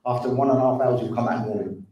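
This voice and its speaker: In a very echoey hall, picked up by a distant mic, a man gives an earnest community talk on drug addiction. His medium-pitched voice is fast and fairly even in intonation, the recording muffled, and he repeats himself while calling listeners brothers and sisters.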